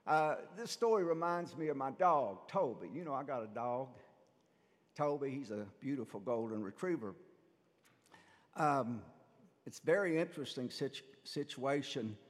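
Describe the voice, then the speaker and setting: A man, a priest, giving a sermon in a conversational, animated way, asking the congregation rhetorical questions. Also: a little high. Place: church. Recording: long church reverb.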